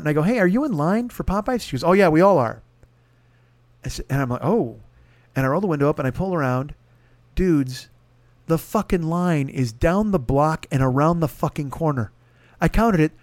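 A man's voice: on the high side, dry recording. A man hosting a podcast, telling a long story in a casual, profane and exasperated way. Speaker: podcast host.

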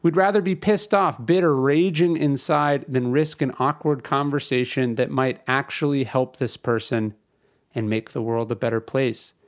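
A podcast host in his thirties offers casual spoken commentary, conversational and emphatic, repeating himself as it drifts into a rant. His voice is medium in pitch, with a steady tone and moderate pace.

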